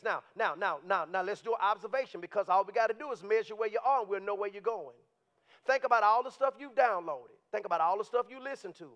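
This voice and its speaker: High-voiced animated male preacher. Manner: animated, conversational, rising to shouts. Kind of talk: sermon. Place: church sanctuary. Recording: dull, lo-fi sound.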